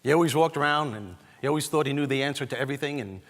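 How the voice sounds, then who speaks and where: A man from Brooklyn, giving a comedic motivational keynote with animated, punchy storytelling. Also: medium pitch, rapid-fire, big-room sound. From Brooklyn, New York. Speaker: keynote speaker. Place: large hall, on stage.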